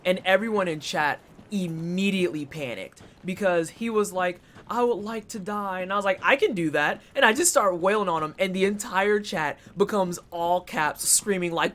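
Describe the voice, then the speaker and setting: A man's voice: sits high, normal speed, hardly any pauses, fairly bright tone. A man streaming a game, chatting casually with his chat and reacting aloud as he plays. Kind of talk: casual gameplay commentary. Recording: clear background noise.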